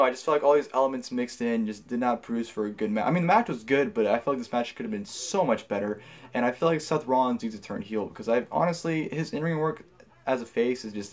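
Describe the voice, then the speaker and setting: Casual, rambling young man reviewing. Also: medium pitch. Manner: casual, rambling with many fillers and restarts; blunt and profane when annoyed. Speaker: wrestling show reviewer.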